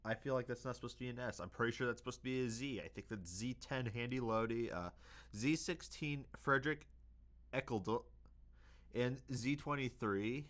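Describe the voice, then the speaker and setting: A man's voice: mid-range voice, fairly quick, fairly bright tone. A young man hosting a casual history video, hesitant, with many fillers and self-corrections.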